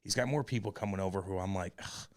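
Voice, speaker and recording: A man in his forties co-hosting a podcast, telling a personal story in a rambling, profane way that turns loud and heated. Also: low-pitched, rapid-fire. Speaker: podcast co-host. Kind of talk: candid casual chat.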